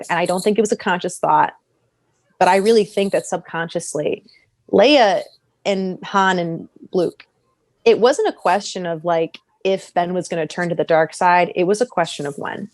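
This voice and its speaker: A woman talking casually on a podcast, animated, often laughing and acting out characters' lines with sudden jumps in pitch. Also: normal speed, dry recording. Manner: animated, acts out characters' lines mid-sentence; frequent laughter and restarts. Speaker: podcast guest.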